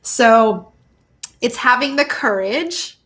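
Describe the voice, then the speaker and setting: A woman hosting a live stream of tarot readings, chatting casually and getting excited, with frequent laughs and gushing exclamations. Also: a little high, slow pace. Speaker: host giving tarot readings.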